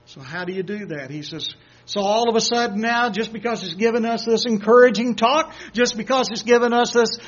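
A man preaching a sermon who swings from quiet, low asides to loud, excited exhortation, acting out quoted voices and chuckling between points. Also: brisk. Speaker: pastor. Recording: dull lo-fi recording.

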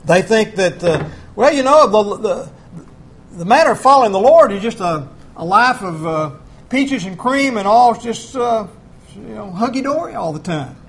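A man preaching a sermon in a plain, folksy, conversational way, with a notably high voice for a man. He walks through scripture and acts out the voices of the people he quotes. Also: lively intonation, normal speed. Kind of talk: sermon, Bible teaching.

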